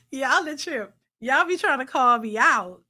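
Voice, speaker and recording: A woman's voice: sits high, sharp tone. A woman hosting a live reaction stream, laughing often and reading viewer super chats aloud. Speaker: reaction channel host.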